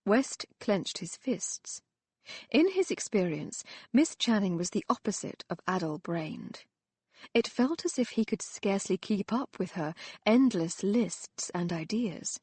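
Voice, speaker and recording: A woman reading a romance novel aloud as an audiobook narrator, in a measured, expressive storytelling manner. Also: medium pitch, husky, dry recording.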